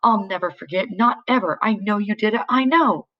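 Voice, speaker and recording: A woman reading the part of a big, slow teenage boy who pleads and accuses insistently. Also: medium pitch, distant mic, highs cut off, pitched above the performer's own voice, lightly acted. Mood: accusing.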